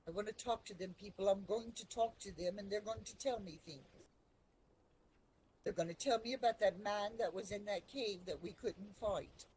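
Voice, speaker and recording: A woman telling her character's story in character, emotional and halting, with restarts when feelings rise. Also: medium pitch, a little mellow, slight background noise, low-quality recording. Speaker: roleplay player.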